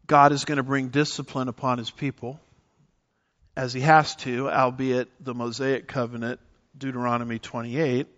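A male pastor delivering a sermon in an animated, emphatic teaching manner, his voice sitting in a middle register. The recording sounds a little dull and lo-fi. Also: mid-range voice, normal speed.

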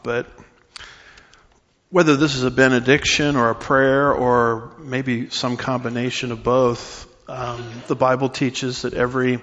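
A man preaching as the pastor of his church, teaching through scripture verse by verse at a measured pace with frequent uh fillers. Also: medium pitch, fairly bright tone. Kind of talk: expository sermon. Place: church sanctuary. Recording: dull, reverberant church recording.

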